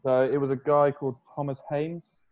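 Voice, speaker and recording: A man's voice: mid-range voice, level tone, normal speed, narrow, tinny audio. A young man chatting casually on a podcast, rambling loosely and swearing freely. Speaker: podcast host, fitness coach. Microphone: video call.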